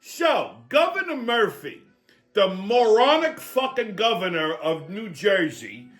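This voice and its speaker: A man's voice: high voice, big pitch swings, slow, a bit bright, faint music behind. A male host ranting on a comedic political show, brash, swaggering and full of swearing. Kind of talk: profane comedic political rant.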